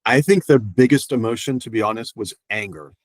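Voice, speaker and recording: A man speaking slowly and hesitantly as a client, naming his feelings with pauses. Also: medium pitch, no echo. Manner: slow, reflective, hesitant with ums. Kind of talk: therapy session talk.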